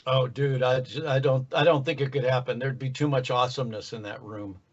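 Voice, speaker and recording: An older man, a voice actor, chatting in an easygoing, relaxed way in an interview. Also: medium pitch, fairly quick. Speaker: guest voice actor. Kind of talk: casual interview chat. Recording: dull lo-fi sound.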